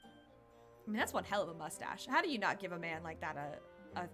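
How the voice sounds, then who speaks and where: Giggly woman streamer, bright voice. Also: on the low side, very animated, quick pace, faint music behind. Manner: giggly and chatty, breaking into laughs. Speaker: streamer playing a story game. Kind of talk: casual let's-play commentary with read-aloud dialogue.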